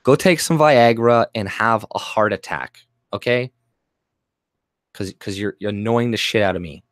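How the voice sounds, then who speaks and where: A Canadian vlogger rants angrily on his channel in a profane monologue, rambling and swearing with lots of fillers and restarts. His fairly low voice moves at a moderate pace, recorded with studio quality and no room sound.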